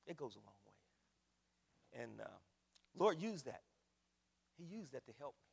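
A man preaching a sermon, dropping to hushed storytelling and rising to loud preaching. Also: mid-range voice, big pitch swings, a little slow, creaky, long pauses, breathy edge, in a large hall. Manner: folksy, addresses the congregation as y'all.

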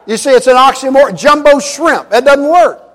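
A man with a very high voice preaches in a church sanctuary, his words ringing with a long reverb. He drives his points home through repetition and mixes in light jokes. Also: expressive, moderate pace. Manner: emphatic, repetitive preaching with humor. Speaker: pastor. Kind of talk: sermon.

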